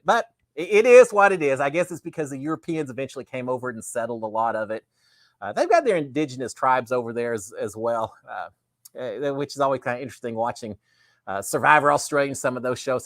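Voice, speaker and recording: Hosting a laid-back live show, this middle-aged, drawling man chats and rambles casually while his pitch rises and falls widely. The sound is dry and close, with no room sound.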